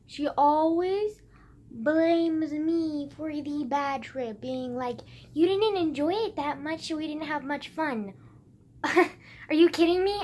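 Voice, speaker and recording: Teen girl, high voice, casual vlog rant, sighs and gasps, lots of fillers. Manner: emotional and scattered, with frequent sighs and gasps; filler-heavy, restarts often. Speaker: vlogger.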